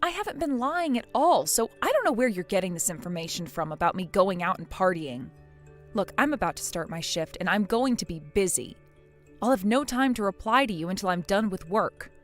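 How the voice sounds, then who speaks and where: A woman's voice: medium pitch, expressive, brisk, soft background music, close to an everyday voice. A woman voicing a weary young wife in a text-message drama, pleading and defensive.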